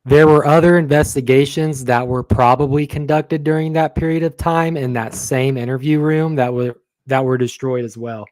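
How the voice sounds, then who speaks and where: A man reading the part of a police detective giving courtroom testimony in formal, measured, apologetic answers. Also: medium pitch, steady tone, darkish tone, no room sound, natural voice. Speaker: reader in a transcript read-through.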